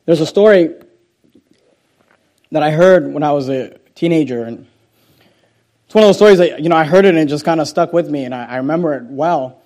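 A man preaching a sermon with impassioned emphasis, swinging between loud rising declarations and quiet intensity, repeating phrases for effect. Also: a little high, fairly quick, long pauses. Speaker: pastor.

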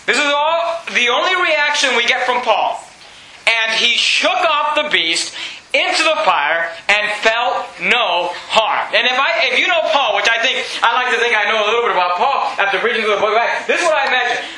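High-pitched fervent preaching man. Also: very echoey, rough recording. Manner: preachy, fervent, repeats himself, shouts for emphasis. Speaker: pastor. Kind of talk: sermon.

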